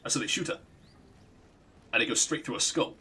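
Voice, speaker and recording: A man's voice: medium pitch, brisk, pushed and bright, a little hiss or hum. A man streaming a game, rambling through a retold story, swearing and laughing often. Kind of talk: casual chat while gaming.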